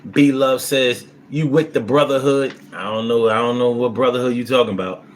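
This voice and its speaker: This is casual live-stream chat: a man with a mid-range voice, talking at normal speed against slight background noise, reads out what viewers write. His replies are blunt and heavily laced with swearing, with swings into loud, animated bursts.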